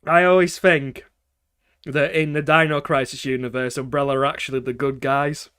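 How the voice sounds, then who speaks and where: A man's voice: mid-range voice, little pitch movement, normal speed, a bit bright, clear, resonant tone, no echo, studio quality. A man streaming games and chatting casually, ranting with frequent swearing and laughter between points. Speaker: game streamer. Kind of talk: casual livestream chat.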